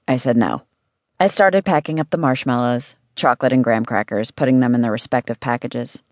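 A woman narrating a first-person novel aloud as an audiobook, with an expressive reading. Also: a bass voice, a little fast, dry recording, studio quality.

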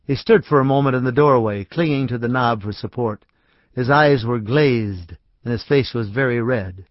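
A man reading a short story aloud as an audiobook narrator, in an even, measured way. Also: mid-range voice, no echo. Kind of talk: scripted narration. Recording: dry, slightly dull studio audio.

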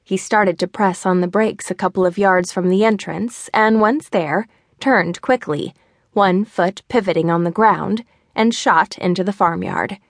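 A woman narrating a mystery novel with an even storytelling delivery. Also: medium pitch, unhurried, no echo, clean studio sound. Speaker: audiobook narrator. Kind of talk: scripted narration.

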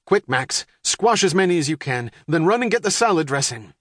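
An excitable middle-aged father who talks in a brisk, sarcastic way, put on by an audiobook narrator. He pushes his lines with impatience. The sound is dry, with no room. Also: a little high, no echo, pitched above the performer's own voice. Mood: brusque.

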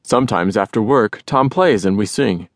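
A man voicing a friendly, patient adult helper in a children's audiobook, explaining things calmly. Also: fairly low pitch, moderate pace, dry recording, studio quality, lightly acted. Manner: calm, explaining. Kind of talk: audiobook character voice.

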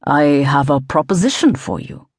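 A woman reading the part of an elderly male business tycoon who speaks in a clipped, even, insistent way. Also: on the high side, normal speed, husky, no echo, studio quality, exaggerated voice. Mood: persuasive. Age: older.

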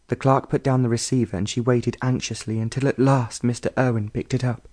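A male audiobook narrator reads the story in a measured, even manner. His voice is mellow and warm, sitting in a middling register. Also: mid-range voice. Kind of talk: scripted narration.

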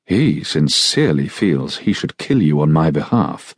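A man voicing a suave, mild-mannered swordsman who speaks softly with dry irony. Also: rumbling low, sing-song, a little slow, husky, no room sound, full character voice. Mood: mild, ironic. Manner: soft, mild, dryly ironic. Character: suave mocking male swordsman, cool and mild.

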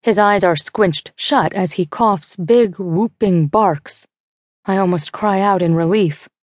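A woman narrating a young adult thriller audiobook in first person, measured and tense, on a close studio mic. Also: mid-range voice, a little mellow, no echo.

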